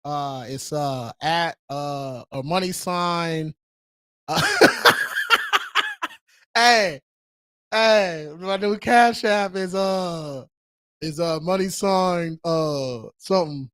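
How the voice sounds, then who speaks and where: A man's voice: a little high, slow pace, fairly bright tone, smooth, dry recording, clean studio sound. A man hosting a casual livestream, talking in a slangy, hyped-up way and calling viewers bro. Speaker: credit repair livestream host.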